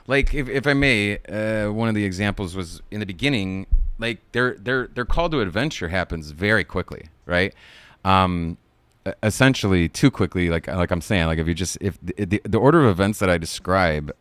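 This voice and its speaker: A man with a slightly low, smooth and resonant voice recaps a kids movie for his live stream audience. He rambles casually and swears freely. The sound is dry and close, with no room echo. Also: moderate pace, fairly bright tone. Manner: profane, digressive, laughs at own jokes.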